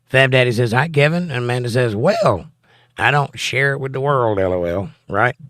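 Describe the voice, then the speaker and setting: Hosting a casual livestream from home, a man reads viewer chat aloud and jokes back with wisecracks. His mid-range, fairly bright voice is animated and moves at a normal speed, recorded at studio quality with no room sound.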